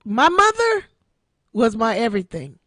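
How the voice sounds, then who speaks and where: A woman in her sixties hosts an internet radio show, sharing an emotional personal testimony and repeating her phrases like a preacher. Her voice is a little high and a bit bright, with huge pitch swings and an unhurried pace, recorded with studio quality and no room sound.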